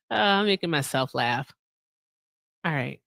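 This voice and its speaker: Woman, live stream host, lowish voice, dry close sound, jokey, laughs a lot. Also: creaky, dry recording. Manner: joking, laughs often, talks to chat. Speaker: livestream host. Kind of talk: casual live stream chat.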